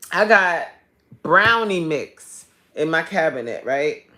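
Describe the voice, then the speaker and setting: On a live stream, a female fitness coach chats casually, animated and loud, laughing a lot and swearing freely. Her voice is deep, and she speaks slowly with frequent pauses.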